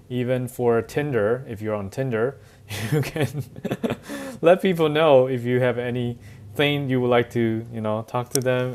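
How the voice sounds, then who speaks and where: A man's voice: medium pitch, darkish tone. Man giving a chatty lesson. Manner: chatty, says "right?" often, laughs lightly. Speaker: English teacher. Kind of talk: relaxed bilingual classroom lecture.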